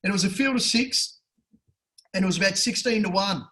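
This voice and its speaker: A high-pitched Australian man spins a rowdy betting yarn for his co-host. He swears freely and leaps up in pitch whenever he acts out the people in his story. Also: fairly quick, poor audio. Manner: animated, swears freely, acts out characters with big pitch jumps. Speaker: podcast co-host. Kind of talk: casual storytelling chat.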